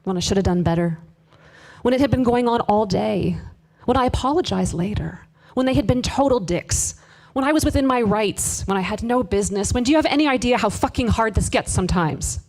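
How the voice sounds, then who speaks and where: A woman performing a live spoken word piece, confessional and wry, moving between hushed asides and emphatic bursts with sharp swearing. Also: mid-range voice, moderate pace, gravelly. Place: live event space with audience.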